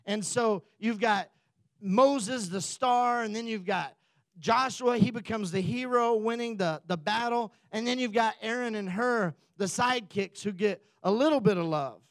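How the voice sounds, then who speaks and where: High-voiced joking pastor. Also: male voice, measured pace, a bit bright, dry recording. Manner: joking, conversational storytelling. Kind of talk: sermon.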